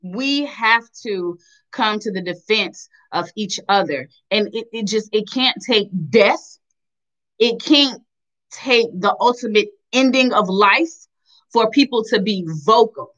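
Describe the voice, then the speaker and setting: A woman's voice: mid-range voice, slow pace, fairly bright tone, lo-fi sound. A young woman from Tennessee giving impassioned commentary, emphatic and repeating phrases for stress. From Chattanooga, Tennessee. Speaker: vlogger.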